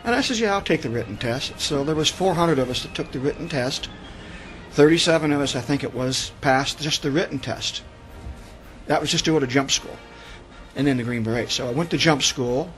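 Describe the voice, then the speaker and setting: A man's voice: a little high, fairly quick, fairly bright tone, faint music behind, poor audio. Rambling older man telling war stories. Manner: rambling, repeats words while recounting. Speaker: guest, Vietnam veteran author. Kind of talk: radio interview storytelling. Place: radio studio.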